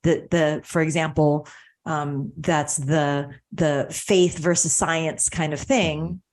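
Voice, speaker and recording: A woman's voice: low voice, steady tone, slow pace, a little mellow. A female podcast co-host in casual chat, speaking earnestly and posing reflective questions.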